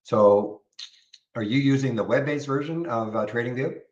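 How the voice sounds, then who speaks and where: The recording is muffled as a mid-range male voice speaks at normal speed. He hosts a live trading room, chatting casually about charts, replying to viewers, and tending to repeat words.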